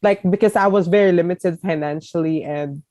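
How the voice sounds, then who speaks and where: A tearful woman from the Philippines shares her story as a podcast guest, halting and full of fillers. Her voice sits mellow and warm, recorded dry and close. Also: fairly low pitch, no room sound, low-quality recording. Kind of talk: emotional personal story.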